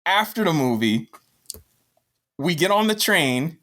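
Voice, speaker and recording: A man with a slightly high voice speaks slowly while co-hosting a podcast. In casual chat he animatedly retells a rambling story full of profanity.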